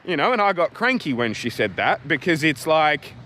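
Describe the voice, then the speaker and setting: A man's voice: a little high, sing-song, moderate pace, sharp tone, slight background noise. An Australian man venting in a rambling, agitated vlog rant, swearing often and piling up "like"s. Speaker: vlogger.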